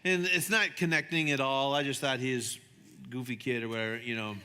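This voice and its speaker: A man preaching a sermon as a pastor, chatty and animated, acting out the voices in his stories. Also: a little fast, smooth. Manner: conversational, animated, acts out dialogue with shifting pitch. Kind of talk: sermon with storytelling. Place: church sanctuary. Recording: long hall reverb.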